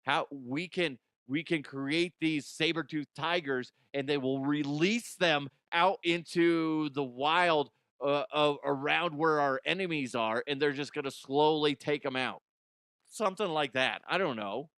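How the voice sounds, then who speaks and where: A man's voice: unhurried, clear, resonant tone, dry recording. Joking man with a dry, close sound. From Colorado, USA. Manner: animated, joking, swings into silly high voices. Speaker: podcast host. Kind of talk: comedic news commentary.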